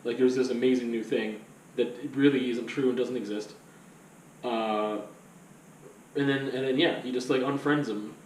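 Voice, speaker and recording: A man's voice: mid-range voice, steady tone, moderate pace, pauses often, darkish tone, echoey room, far from the mic, slight background noise, low-quality recording. A man vlogging in a rambling, casual monologue full of fillers and loose asides.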